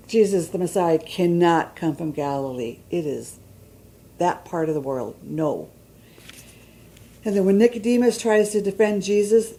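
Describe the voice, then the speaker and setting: A woman's voice: on the low side, warm tone, rough recording. A woman giving a conversational church teaching, reading scripture aloud and checking in with her listeners. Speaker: Bible teacher.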